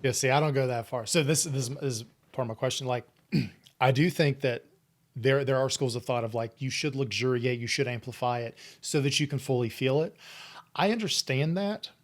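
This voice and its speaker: Man, podcast host, casual interview talk, candid, profane, animated. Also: medium pitch, moderate pace.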